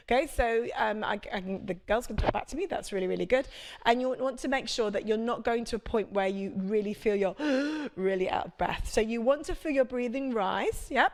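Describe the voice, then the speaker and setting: A woman, a prenatal fitness instructor, coaching a live workout class with chatty, encouraging cues and check-ins. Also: a little high.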